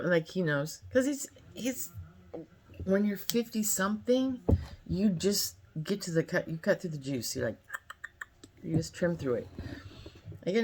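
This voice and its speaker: A woman's voice: lowish voice, lively intonation, a little slow, pauses often, background noise. A woman in her fifties from California telling a casual story time, chatty and rambling with lots of fillers. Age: 50s. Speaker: vlogger.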